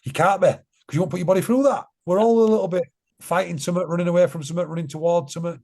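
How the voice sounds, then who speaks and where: A man's voice: high-pitched, very fast, mellow. A man speaking as a podcast guest in a blunt, earnest, casual way, often repeating phrases for emphasis. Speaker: podcast guest, charity co-founder. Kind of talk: casual conversation.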